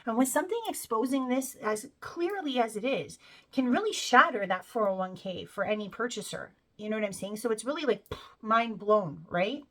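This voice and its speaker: A woman's voice: on the high side, expressive, moderate pace, a bit bright. Chatty woman talking to her viewers. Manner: chatty, peppered with "you know" and "right?"; laughs while telling the story. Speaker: spiritual video creator. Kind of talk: casual monologue to camera.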